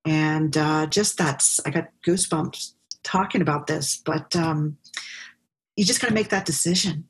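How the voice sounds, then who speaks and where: A woman interviewed as a business founder, telling her story in an animated way and acting out what people said. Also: sits low, measured pace, slightly rough. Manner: animated storyteller, laughs often, acts out quotes. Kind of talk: conversational interview.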